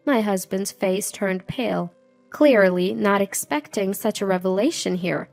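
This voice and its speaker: A middle-aged woman narrating a scripted first-person story in an even, measured way. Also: medium pitch, gravelly, no echo. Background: faint music.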